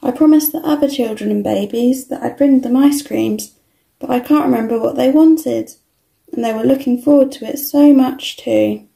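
A woman's voice: on the high side, moderate pace, vocal fry, warm tone, echoey room. Eager little rabbit girl, as a woman reads her.

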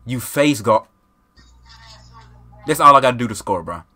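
A man's voice: mid-range voice, lively intonation, normal speed, sharp tone. A man hosting a gaming video, trash-talking and getting exasperated in slangy casual chat with an opponent over a headset mic. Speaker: gaming channel host.

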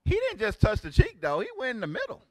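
A man in his forties, a religious teacher giving loud, exclamatory preaching commentary in casual street talk. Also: sits high, huge pitch swings, quick pace, no room sound. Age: 40s. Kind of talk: animated preaching commentary on videos.

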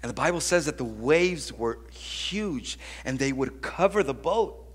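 Male pastor, slow animated sermon delivery, bright lively voice. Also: medium pitch, slightly rough. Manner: animated storytelling with acted-out voices; conversational, with frequent restarts.

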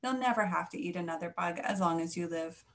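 A woman's voice: on the low side, fairly quick, natural voice. A woman doing a tender, protective mother bat. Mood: reassuring. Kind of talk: reading a picture book aloud.

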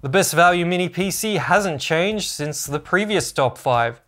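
A man's voice: high voice, lively intonation, a little slow, noisy background. A man narrating a scripted product review as a tech channel host, upbeat and informative.

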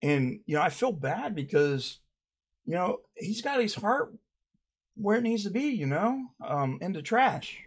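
Deadpan gravelly man interviewer. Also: a little slow. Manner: low, deadpan, hesitant, lots of restarts. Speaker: parody interviewer. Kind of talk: comedic mock interview.

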